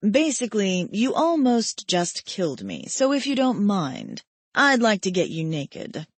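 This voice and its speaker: A woman narrator voicing an intense, brooding male lover in an audiobook, hushed and intimate. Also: mid-range voice, huge pitch swings, a little slow, dry recording.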